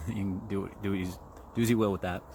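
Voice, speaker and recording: A man's voice: low-pitched, steady tone, normal speed, darkish tone. A man in his forties from Kansas City, hosting a podcast solo, chewing gum and talking casually with lots of fillers and swearing while out on a trail. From Kansas City, USA. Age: 40s. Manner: rambling, profane, with many fillers and asides. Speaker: podcast host. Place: outdoors on a trail. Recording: faint outdoor background noise.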